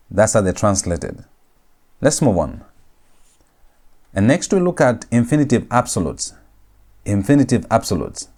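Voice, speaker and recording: Slow, deliberate man teaching a lecture. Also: fairly low pitch, dark tone. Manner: slow, deliberate, repeats words for emphasis. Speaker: Hebrew grammar teacher. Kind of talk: recorded lecture.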